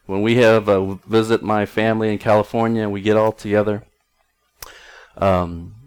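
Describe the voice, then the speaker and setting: A man's voice: on the low side, flat delivery, normal speed, darkish tone, smooth. A middle-aged male pastor preaching a conversational sermon in an earnest tone, often restarting his sentences.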